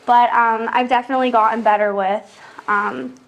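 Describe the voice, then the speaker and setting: Young woman host, winded from a workout, rambling chatty delivery, slightly high voice. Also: steady tone, normal speed, highs cut off. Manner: chatty, lots of "like" fillers. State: out of breath. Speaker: podcast host. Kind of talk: casual chat while working out.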